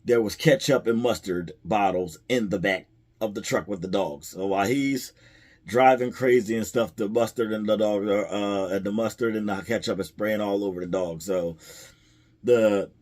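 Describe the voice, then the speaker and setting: A man's voice: on the low side, normal speed, a little mellow. A man casually retelling a movie's plot in a rambling way, chuckling at the jokes as a film reviewer.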